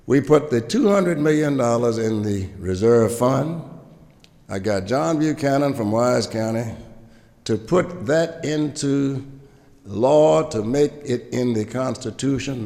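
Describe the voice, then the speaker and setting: A man's voice: medium pitch, vocal fry, a little mellow. An older man with a Virginian accent, a former governor telling stories in a gala speech and acting out the exchanges he recounts. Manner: storytelling, acts out quoted exchanges. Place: large banquet hall. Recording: hall reverb.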